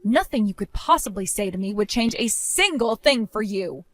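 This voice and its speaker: A woman's voice: medium pitch, expressive, moderate pace, no room sound, soft background music. Indignant woman telling her own story. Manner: cold, indignant, forceful. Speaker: narrator of a first-person story. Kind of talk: dramatic story narration with dialogue.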